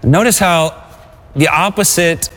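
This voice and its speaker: A male preacher delivers an exhorting sermon in a slightly higher register than most men. He keeps prompting the congregation to respond. His voice rings with a long reverb tail, as if he is in a large hall. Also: unhurried, fairly bright tone.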